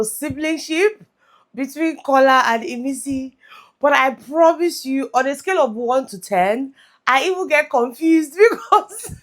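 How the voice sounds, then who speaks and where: A woman's voice: high-pitched, fairly bright tone. A woman vlogger recapping a reality show in a chatty, casual way, often laughing.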